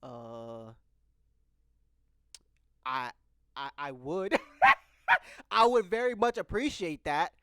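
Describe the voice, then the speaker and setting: A man's voice: a little high, very slow, long pauses, a bit bright, smooth, dry recording. A young man in his twenties candidly telling a rambling personal story to his viewers. He restarts his sentences often as he goes. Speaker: vlogger. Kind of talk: casual storytelling. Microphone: microphone close by.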